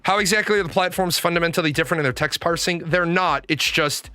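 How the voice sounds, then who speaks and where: Bright-voiced man telling rambling stories. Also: fairly high pitch, fast talker, clean tone, no room sound. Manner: rambling anecdotal storytelling with swearing. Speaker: live streamer. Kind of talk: casual livestream chat.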